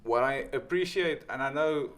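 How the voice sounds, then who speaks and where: A man hosting a podcast, talking in a loose, excitable way and swearing casually, in casual conversation. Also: mid-range voice, moderate pace, crowd noise. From not from the United States. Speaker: podcast host.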